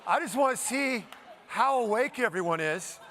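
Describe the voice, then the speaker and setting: A man's voice: very high-pitched, lively intonation, a bit bright. Man, keynote speaker, playful crowd commands, conference stage, light background noise. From Denver, Colorado. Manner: upbeat, playful, bossing the crowd with quick commands. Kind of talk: high-energy audience-participation keynote.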